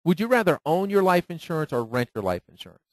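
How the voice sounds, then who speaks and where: A man's voice: a little high, quick pace, no echo, poor audio. A man teaching a live audience who keeps asking rhetorical questions and tagging them with "right?". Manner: lively, acts out phone calls in quoted voices. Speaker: financial seminar speaker.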